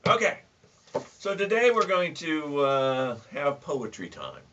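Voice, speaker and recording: A man's voice: on the high side, big pitch swings, takes it slowly, fairly bright tone, slight background noise. A man hosting a casual home video, giving folksy tips and telling a joke with dry humor and stammered restarts. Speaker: host. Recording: distant, dull lo-fi sound.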